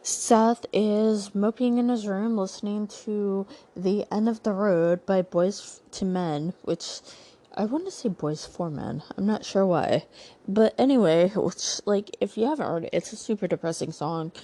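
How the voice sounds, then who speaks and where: Chatty sarcastic woman with a mellow voice. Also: medium pitch, a little slow. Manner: chatty, sarcastic asides, lots of "like". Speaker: podcast host recapping a TV show. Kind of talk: casual recap podcast.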